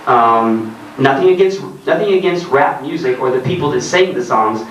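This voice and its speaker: A man's voice: mid-range voice, lively intonation, moderate pace, highs cut off, a little hiss or hum. Sardonic man reading in an echoing hall. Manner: sardonic ranting, laughs at his own jokes. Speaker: author reading his own work. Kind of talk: comedic reading to a live audience. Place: arts centre hall in Germany. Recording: roomy live hall, distant mic, faint ambience.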